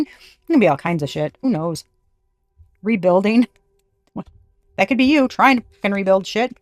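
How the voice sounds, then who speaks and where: A woman giving a casual tarot reading, blunt and animated, swearing freely. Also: on the high side, no room sound, studio quality. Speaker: tarot reader.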